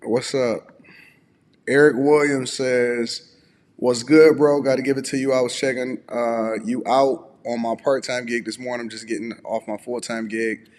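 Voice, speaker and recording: A man hosting a casual live stream from home, relaxed and a bit groggy with a slightly raspy voice, chatting and reading viewer messages aloud. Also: medium pitch, measured pace, in a large hall. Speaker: host.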